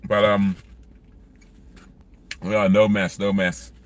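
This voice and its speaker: A man's voice: lowish voice, flat delivery, takes it slowly, a little hiss or hum. A man, vlogging in casual, rambling chat while eating in his car. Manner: rambling, chatty, many fillers. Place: inside a parked car.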